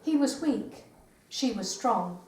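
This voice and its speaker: An older woman poet giving a live poetry reading in a meeting house, with measured recitation and hesitant spoken asides. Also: on the high side, lively intonation. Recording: roomy live recording from far off.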